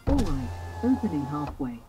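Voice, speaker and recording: Lively synthetic in-car assistant voice. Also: mid-range voice, normal speed, music in the background. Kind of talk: short synthetic replies.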